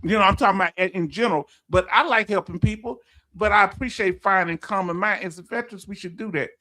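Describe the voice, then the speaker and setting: A man with a Southern US accent hosts a casual livestream and reads viewer comments aloud. His voice sits a little high for a man. He laughs easily and stumbles over his words. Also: fast, bright, forceful tone. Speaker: livestream host.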